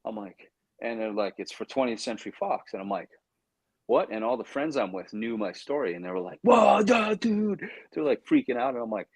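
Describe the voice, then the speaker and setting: An actor appearing on an interview show animatedly tells a story, voicing his own inner thoughts and stumbling over restarts and stammers as he gets excited. His voice is fairly low and fast, with no room sound and poor audio quality.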